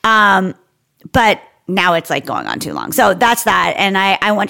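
A woman in her thirties co-hosting a relaxed chat show. Her voice swings widely up and down as she talks, and she is blunt, jokey and quick to swear. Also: medium pitch, creaky. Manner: lively, blunt, swears freely. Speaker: podcast co-host. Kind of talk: casual chat.

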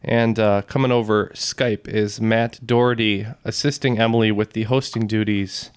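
A man co-hosting a casual trivia podcast in a studio, easygoing and full of drawn-out fillers. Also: lowish voice, fairly even intonation, clear, resonant tone. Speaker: podcast co-host.

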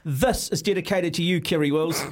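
A man's voice: on the high side, normal speed. A man with a New Zealand accent hosting talk radio, teasing his guest in a jokey, theatrical way. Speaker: radio host.

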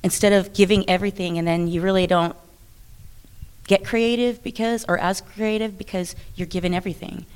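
Chatty woman wrestler, animated and laughing. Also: mid-range voice, a little fast, clear, resonant tone. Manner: chatty, animated, laughs often, many restarts. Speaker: professional wrestler. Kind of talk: interview conversation.

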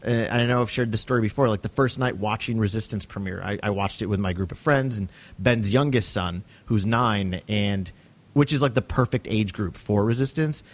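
A man's voice: on the low side, normal speed. A man, co-hosting a podcast in casual chat, enthusiastic and rambling with many restarts. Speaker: podcast co-host.

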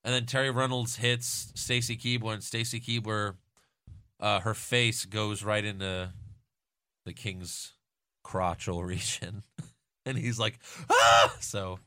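A man's voice: on the low side, fairly even intonation, slow pace, bright, forceful tone, dry recording. A man co-hosting a podcast in casual banter, teasing and swearing, sneezing with hiccups. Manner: profane, teasing, rambling. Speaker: podcast co-host.

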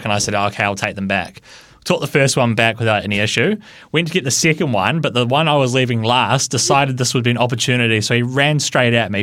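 A man telling a personal story on the radio, animated and lively, laughing along. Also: medium pitch, dry recording, studio quality. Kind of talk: casual anecdote.

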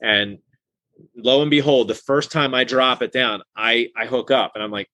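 A man's voice: mid-range voice, steady tone, moderate pace, sharp tone, no room sound. A man in his thirties hosting a casual fishing interview, easygoing and telling stories with restarts. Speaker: podcast host.

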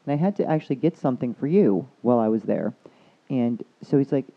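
A woman chatting casually about energy and spirituality, telling a rambling story and quoting others with a lively voice. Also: extremely low pitch, fast talker, breathy edge. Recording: tinny phone-like line.

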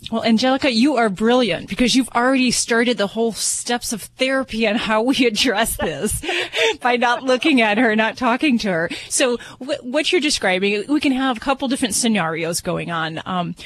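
A woman's voice: fairly high pitch, moderate pace, few pauses, a bit bright. A woman advising a caller on a pet radio call-in show, explaining at length with light laughs and many fillers.

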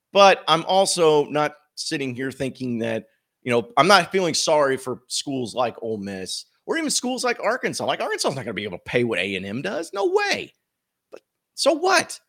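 A man's voice: high-pitched, creaky, a bit bright. A man hosting a sports podcast, giving casual commentary in a blunt, emphatic way full of rhetorical questions.

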